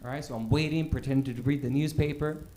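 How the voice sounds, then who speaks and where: A man doing stand-up, telling a self-mocking story in an animated way and acting out what people said. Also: mid-range voice, fast, soft background music. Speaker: stand-up comedian.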